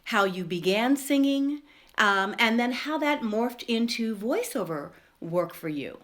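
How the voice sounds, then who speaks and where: A woman's voice: fairly high pitch, expressive, unhurried, a bit bright. A woman hosting a podcast interview, enthusiastic and effusive with her guest. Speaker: podcast host.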